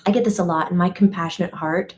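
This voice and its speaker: A woman hosting a casual live stream, chatty and animated, breaking into quoted voices and laughing often. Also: lowish voice, fast talker, a little hiss or hum. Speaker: medium and teacher. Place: home or studio, live stream.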